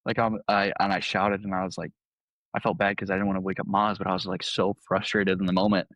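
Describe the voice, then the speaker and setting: A young college baseball player, guesting on a podcast, tells a story in a laid-back way, packing in "like" and acting out quotes. His voice is low-pitched, level and a bit bright, he talks fast, and there's no echo.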